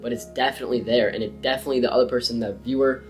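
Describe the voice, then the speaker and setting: A young man giving casual, emphatic advice to camera about confidence and speaking, with slangy, animated delivery. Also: medium pitch, rapid-fire, soft background music. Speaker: self-improvement creator. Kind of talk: casual motivational talk to camera.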